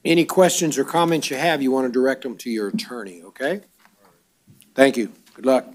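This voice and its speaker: A man's voice: medium pitch, a little fast. A man serving as a judge at a bond hearing, reading out charges and amounts in a matter-of-fact way with hesitant fillers.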